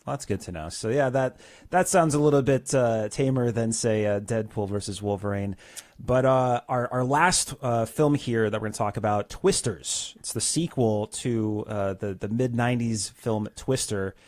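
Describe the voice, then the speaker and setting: A man's voice: mid-range voice, moderate pace, darkish tone, dry recording. A young man hosting a casual interview, easygoing and hesitant, with frequent fillers. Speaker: podcast host.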